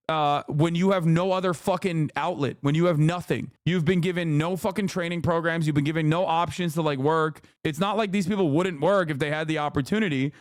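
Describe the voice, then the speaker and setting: A man's voice: a little high, no echo, clean studio sound. A man giving casual, profane reaction commentary as a streamer, ranting animatedly.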